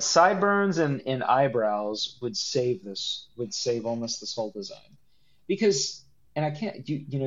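A man co-hosting a podcast in casual chat, animated and joking, with a lot of laughing and restarts. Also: mid-range voice, highs cut off. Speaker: podcast co-host.

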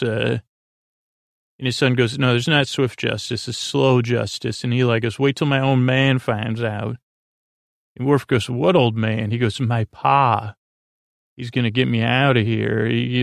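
A man hosting a podcast, retelling an episode's scenes in a halting, rambling way with many fillers and restarts. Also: mid-range voice, creaky, no echo, clean studio sound. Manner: quick flat retelling of scenes and lines. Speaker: podcast host recapping an episode.

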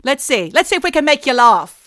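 A woman's voice: high voice, sing-song, fairly quick, fairly bright tone, no echo. Wry woman hosting a comedy podcast. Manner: wry, jokey, self-mocking. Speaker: podcast host. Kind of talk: casual comedic chat. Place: home recording studio. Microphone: close podcast mic.

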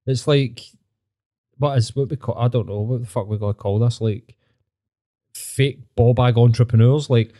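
A man's voice: mid-range voice, normal speed, warm tone. A man with a Glaswegian Scottish accent, hosting a podcast in casual, sweary, mocking chat. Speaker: podcast host.

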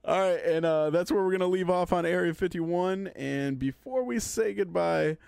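A man's voice: high-pitched, moderate pace, creaky, darkish tone, clear, resonant tone, no echo. A man co-hosting a casual podcast on a headset, bantering, laughing and swearing freely. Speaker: podcast co-host.

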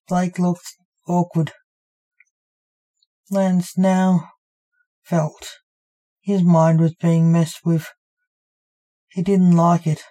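Woman narrator, short story, calm, slow, mellow and low. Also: poor audio.

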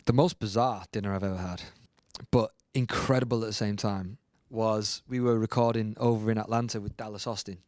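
Animated man telling stories. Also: lowish voice, a little fast, dry recording, studio quality. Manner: animated storyteller, laughing often, colloquial. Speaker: guest musician. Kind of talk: casual anecdote-telling.

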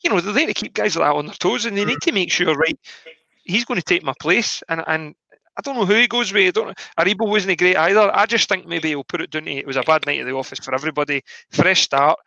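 A man, co-hosting a casual football podcast, animated and opinionated. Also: high-pitched, fast, creaky, no echo, dull audio. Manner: animated, opinionated, restarts often. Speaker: podcast co-host.

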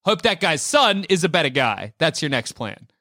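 A man's voice: a little high, very animated, moderate pace, pushed and bright, dry recording. An Australian man hosting a podcast in casual comedic chat, laughing and riffing, on a dry close mic. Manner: laughing, riffing, jumps into silly voices. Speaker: podcast host.

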